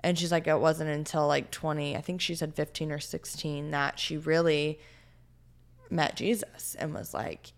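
Low-voiced woman in her twenties, earnest. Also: flat delivery, normal speed, creaky. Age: 20s. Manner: earnest, heartfelt, full of "like" and "you know". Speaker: podcast guest. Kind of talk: storytelling in a casual interview.

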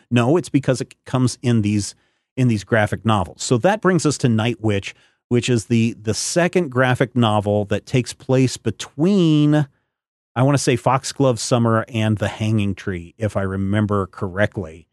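A man's voice: mid-range voice, normal speed, dry recording, studio quality. A man hosting a podcast in casual chat, rambling and searching aloud for names and details. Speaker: podcast host.

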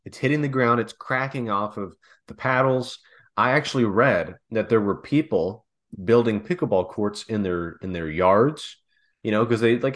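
A man rambles through a casual comedic chat. He drifts into long, joking hypotheticals and keeps them rolling without pause. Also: lowish voice, fairly bright tone. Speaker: podcast co-host.

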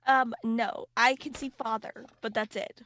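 Woman co-host, slightly high voice, dry close mic; laid-back, laughs easily, swears casually. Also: steady tone, a little slow, fairly bright tone, no echo. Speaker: podcast co-host. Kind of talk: casual chat.

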